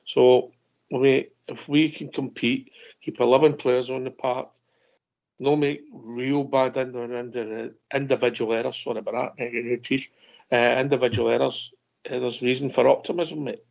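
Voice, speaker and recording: A man hosts a football phone-in in casual chat, speaking in a measured, hesitant way and filling gaps with "uh" and "mate". His voice is gravelly, a little mellow and medium in pitch with fairly even intonation. The audio sounds dull and lo-fi.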